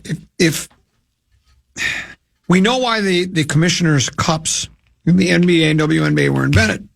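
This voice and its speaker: A man hosting sports talk radio, rambling and opinionated, with frequent halting restarts. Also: high voice, gravelly, fairly bright tone.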